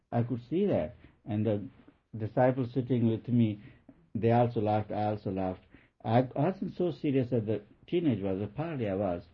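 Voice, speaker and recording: A man giving a gentle spiritual talk as a teacher, telling a story in a halting way with many restarts. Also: mid-range voice, husky. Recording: thin phone-like lo-fi recording.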